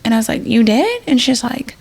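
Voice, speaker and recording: A woman with a gravelly, husky voice tells a personal story as a podcast guest. She rambles casually, full of fillers, and acts out what everyone said in the moment. The feel is an emergency nurse talking things through. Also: a little high, very animated, brisk, a little mellow.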